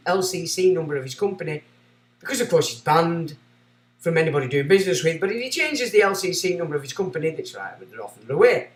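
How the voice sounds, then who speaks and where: A man's voice: high-pitched, recorded from a distance. A man hosting a livestream, ranting sarcastically and reading out chat messages. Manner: ranting, sarcastic, swinging between loud and muttered. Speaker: livestream host. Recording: echoey room.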